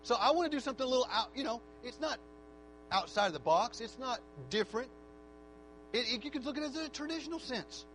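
High bright-voiced preacher man. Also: lively intonation, quick pace, slight background noise, rough recording. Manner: quiet reflective build-up rising to shouted fervent altar call. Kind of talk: sermon. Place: church.

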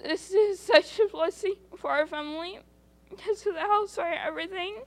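High-voiced earnest young woman giving testimony. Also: normal speed. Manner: rambling, earnest, acts out quoted dialogue. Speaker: church member giving testimony. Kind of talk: spoken testimony in church.

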